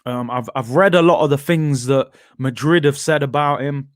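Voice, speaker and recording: Speaking at a normal speed in a mid-range voice, this Englishman runs a laid-back football stream, reading out viewer comments amid plenty of fillers and tangents. The sound is dry and studio-clean.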